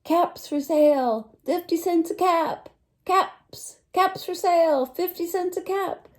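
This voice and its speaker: A woman voicing an angry, fed-up male cap peddler, shouting and scolding in a storybook reading. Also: takes it slowly. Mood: calling out. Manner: shouting, scolding with shrill high pitch.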